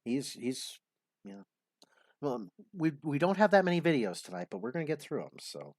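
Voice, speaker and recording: A man's voice: medium pitch, big pitch swings, normal speed, darkish tone, dry recording, studio quality. A male stream host giving mocking commentary on videos. He is sarcastic and drags out a name at the ends of his lines.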